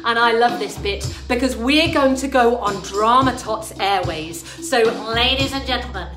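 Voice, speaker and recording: A woman leading a lively drama class for small children, talking in an animated sing-song way and making playful sound effects. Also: a little high, moderate pace. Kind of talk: lively lesson for toddlers. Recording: echoey room with backing music.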